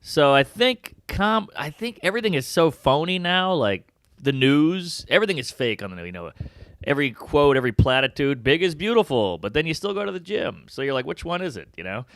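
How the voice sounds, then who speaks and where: A man, a comedian chatting as an interview guest, jokey and animated with big jumps in pitch for emphasis. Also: fairly quick, no room sound, clean studio sound. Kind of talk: casual interview chat.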